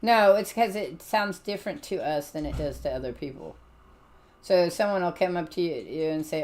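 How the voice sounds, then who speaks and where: A woman's voice: deep voice, normal speed, a little mellow. A middle-aged woman streaming a game, chatting casually in a rambling way, full of fillers and restarts. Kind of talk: casual chat while gaming.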